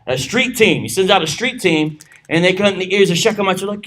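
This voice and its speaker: A man's voice: high voice, animated, a little fast, fairly bright tone. A man teaching a church Bible study, reading scripture aloud with joking asides. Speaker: pastor.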